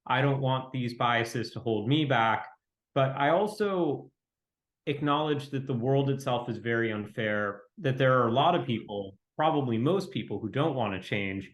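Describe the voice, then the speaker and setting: A man speaking as an interview guest, talking quickly in a fairly flat, reflective way. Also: medium pitch. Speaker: venture capitalist guest. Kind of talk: conversational interview. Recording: roomy echo.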